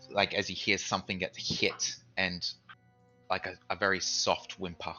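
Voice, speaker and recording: Low-voiced man running a tabletop game. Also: moderate pace, muffled recording, soft background music. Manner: relaxed, steady narration with frequent checks. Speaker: dungeon master.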